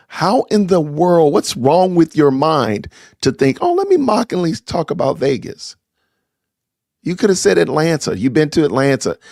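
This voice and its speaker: Middle-aged male host, indignant live-stream commentary, trips over his own words, very animated pitch. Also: no room sound, studio quality. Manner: indignant, stammering, repeating himself. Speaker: podcast host.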